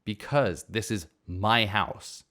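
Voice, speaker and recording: Narrator as a firm, fed-up homeowner woman in a story reading, slow and deliberate. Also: fairly low pitch, sharp tone, heavily acted. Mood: exasperated. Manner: firm, exasperated.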